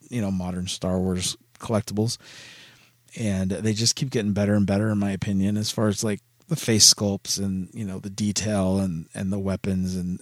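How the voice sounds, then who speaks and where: A man's voice: on the low side, no room sound, studio quality. A man talking casually and bluntly on his own, exasperated and swearing freely as he goes. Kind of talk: casual solo commentary.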